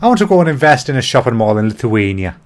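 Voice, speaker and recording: A man voicing an Irish rock star talking to his bandmates, in a deliberately clumsy put-on Irish accent. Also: mid-range voice, big pitch swings, close to an everyday voice. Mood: chummy.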